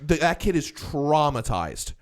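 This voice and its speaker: A man's voice: fairly high pitch, very animated, moderate pace. A man co-hosting a podcast in casual chat, joking, swearing and laughing often. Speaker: podcast co-host.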